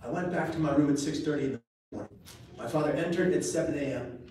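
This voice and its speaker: A man speaks to a live audience in an echoey venue, his voice carrying from well off the mic. He tells his story dramatically and swings between raised and hushed passages. A faint hiss sits under the recording. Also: on the high side, quick pace, far from the mic. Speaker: motivational speaker. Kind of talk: live personal story speech. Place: event venue, indoors.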